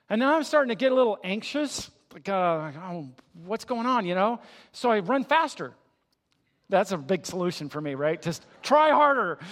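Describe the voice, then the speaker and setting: Older male pastor, high-voiced, sermon with a story, reverberant sanctuary. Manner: storytelling, animated in the story, soft and hushed in prayer. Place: church sanctuary.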